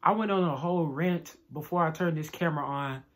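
A man giving casual reaction commentary to a song, talking in a halting, reflective way and often stopping to ask whether you follow him. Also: on the high side, a bit bright. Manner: halting, reflective, repeats "you know what I'm saying". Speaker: reaction video creator.

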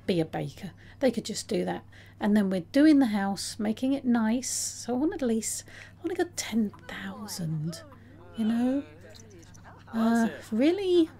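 A woman with a slightly high voice and dark tone hosts a let's play, offering casual, chatty commentary on her game. She talks to her characters and laughs often.

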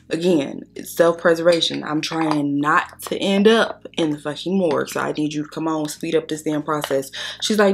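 A woman's voice: low voice, moderate pace, gravelly, hardly any pauses. A young adult woman telling a blunt, profane story to her viewers while doing her makeup. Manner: blunt, profane, chatty, addresses viewers as y'all. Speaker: beauty vlogger.

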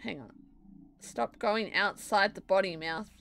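A young Australian woman streams from home, talking loosely and giggling as she answers her chat. Her voice sits in a middle pitch, and she rambles happily between a game and a drawing. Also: unhurried, creaky, fairly bright tone, a little hiss or hum. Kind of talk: casual live-stream chat while gaming and drawing.

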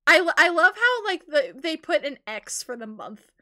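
A young woman with a high, bright voice talks through a game on a live stream. Her chat is excitable and rambling, punctuated by squealing giggles. The tone stays crisp and upbeat. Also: moderate pace. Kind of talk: casual live gameplay commentary.

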